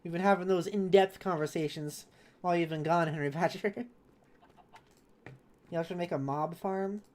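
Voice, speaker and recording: Woman, low voice, streamer, reads chat aloud, supportive, chatty. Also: a little slow, a little mellow. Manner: reads chat messages aloud and answers them kindly; chatty and self-correcting, with laughs. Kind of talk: casual live-stream chat while gaming.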